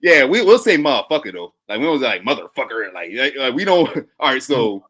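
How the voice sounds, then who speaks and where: A man's voice: medium pitch, big pitch swings, fairly quick, a bit bright. A young man from Maryland with a Maryland accent, chatting bluntly and laughing often as a podcast guest. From Maryland, USA. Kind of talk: casual chat.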